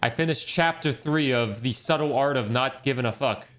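A man's voice: medium pitch, moderate pace, fairly bright tone. A young man streaming a game, chatting casually in a rambling, joking way and swearing freely. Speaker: gaming streamer. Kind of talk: casual chat over gameplay.

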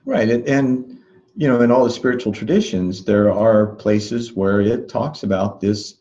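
A man being interviewed as a life coach, recounting a memory in a calm, thoughtful way with soft laughs and restarts. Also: fairly low pitch, unhurried, dull audio. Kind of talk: reflective interview storytelling.

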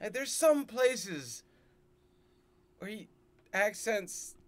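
Reaction co-host: slow, laid-back man, bright tone, very animated pitch. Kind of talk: casual reaction chat.

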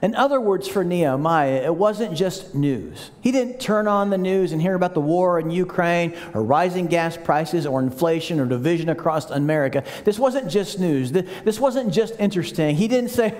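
Male pastor, pitched high, chatty storytelling sermon in a reverberant sanctuary. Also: lively intonation, normal speed, a little mellow. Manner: conversational storytelling, acting out scripture quotes. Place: large church sanctuary. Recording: long church hall reverb.

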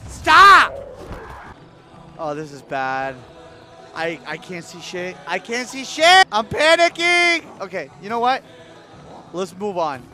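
A man streaming a video game, talking to his chat in excitable, profane commentary that breaks into sudden yelps and shouts. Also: sits high, unhurried. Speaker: gaming streamer.

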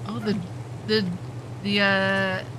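A woman's voice: medium pitch, slow, background noise. A woman streaming gameplay, chatting on and eagerly greeting viewers by name. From Southern Hemisphere. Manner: chatty, greets chat by name with bursts of excitement. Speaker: game streamer. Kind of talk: live gameplay commentary.

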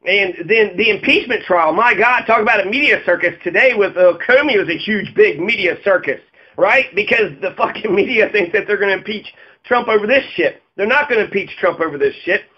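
A man's voice: high voice, lively intonation, fairly quick, slightly rough, dull audio. A man delivering a heated, profane political rant, full of sarcastic mocking asides. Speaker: political commentator. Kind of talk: ranting video monologue.

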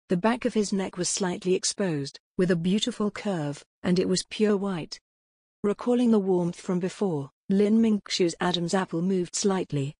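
Woman reading a novel out loud, kinda husky, lowish voice, dry close sound. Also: no echo. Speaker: audiobook narrator. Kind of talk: scripted narration.

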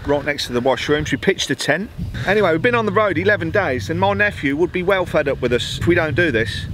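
A man's voice: on the high side, animated, fast, a bit bright, a little hiss or hum, poor audio. A man from the UK bantering with his friend in a casual travel vlog, defending himself and joking. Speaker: vlogger.

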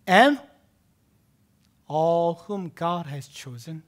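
Speaking a little slowly in a fairly high voice, this man preaches as a pastor. Key words come back again and again for emphasis, and his delivery lurches from loud, emphatic shouts down to near-whispers.

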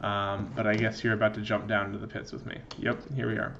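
A man's voice: on the low side, level tone, fairly quick, gravelly, muffled recording, background noise. A young man giving rambling, sarcastic, profane commentary while playing a video game. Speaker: let's play gamer. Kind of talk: casual gameplay commentary.

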